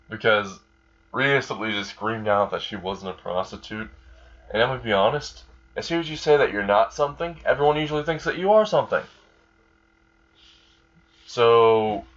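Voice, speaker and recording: Dude telling a fan story, rambly, swears a lot, lowish voice, muffled lo-fi mic. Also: male voice, a bit bright. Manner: rambling, profane, chuckles at his own jokes. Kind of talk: casual fan-fiction narration.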